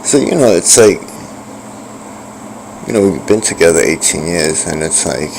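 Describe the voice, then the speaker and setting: A middle-aged man with a deep, gravelly voice tells a personal story. He stops and restarts often and fills gaps with "like" and "you know". A faint hiss sits under the recording. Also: expressive, a little mellow. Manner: halting, repeats himself, many fillers. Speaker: vlogger. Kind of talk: rambling personal account.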